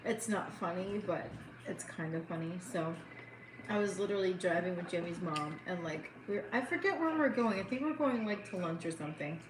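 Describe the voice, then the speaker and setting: A woman's voice: lowish voice, animated, a little fast, far from the mic. A woman chatting casually and telling stories at a meal, with frequent laughter. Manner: chatty storytelling, laughs often. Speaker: cooking vlogger. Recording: echoey room with noisy background.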